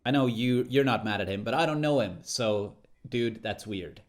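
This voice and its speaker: A man's voice: medium pitch, moderate pace. A young man co-hosting a casual chat show, joking with his friend in dry, teasing banter. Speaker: podcast co-host.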